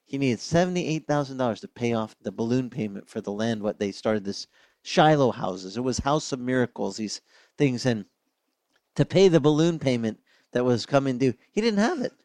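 An older man preaching a sermon as pastor, telling stories with lively acted-out voices. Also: mid-range voice, moderate pace, no room sound. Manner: animated storytelling, acting out voices of others.

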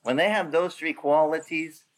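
A man, a pastor, preaching a sermon with lively acted-out quotes and a rising, emphatic delivery. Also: on the high side, normal speed.

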